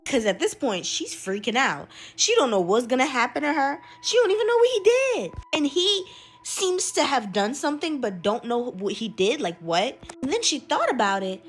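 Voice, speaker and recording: Animated laughing woman storyteller. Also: high voice, moderate pace, slightly rough. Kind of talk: casual storytelling.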